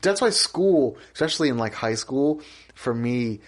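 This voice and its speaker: A young man in casual podcast chat, telling crude, animated stories and acting out the people in them. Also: medium pitch, moderate pace. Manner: animated storyteller, crude, acts out quoted people. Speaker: podcast co-host.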